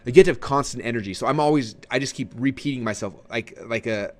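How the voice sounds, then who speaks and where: Fast-talking energetic man teaching. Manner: energetic, animated, swings pitch up and down; many fillers and repeated words. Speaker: webinar trainer. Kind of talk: casual teaching talk.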